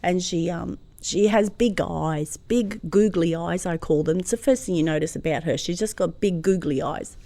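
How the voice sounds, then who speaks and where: A woman, a guest telling a personal story in an interview, lively, moving from hushed to loud. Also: fairly low pitch, moderate pace, hardly any pauses, no echo. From Croatia.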